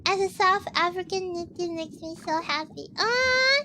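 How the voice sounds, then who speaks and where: A woman's voice: very high voice, fairly even intonation, normal speed, bright, forceful tone, a little hiss or hum. A woman streamer in casual livestream chat, rambling with many "like" fillers and frequent coughs, in a cutesy voice.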